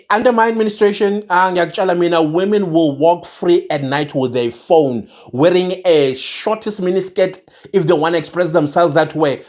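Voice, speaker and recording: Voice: medium pitch, a little mellow. An angry online commentator with a South African accent, mixing in isiZulu, ranting to viewers with emphatic repeated phrases. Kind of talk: impassioned rant to viewers.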